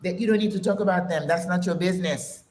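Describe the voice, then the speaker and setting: A woman's voice: on the low side, fast talker, darkish tone. A woman in her sixties talks straight to camera, emphatic and a bit preachy, calling her listeners sis. Her voice rings out in a roomy, echoey space. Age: 60s. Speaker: channel host. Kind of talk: casual motivational talk to camera.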